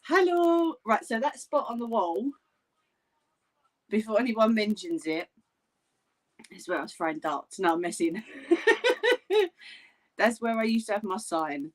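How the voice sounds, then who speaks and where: Slow-talking woman hosting a sewing livestream, joking chat, tired edge. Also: mid-range voice, animated. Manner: chatty, joking, laughs often with viewers. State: tired, yawning. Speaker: crafting livestream host. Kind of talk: casual chat while sewing live.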